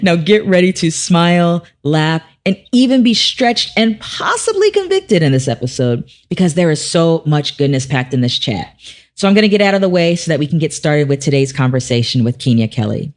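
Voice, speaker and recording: A woman hosting a faith-based business podcast, upbeat and quick, laughing easily. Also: low voice, very animated. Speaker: podcast host. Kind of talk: podcast interview chat.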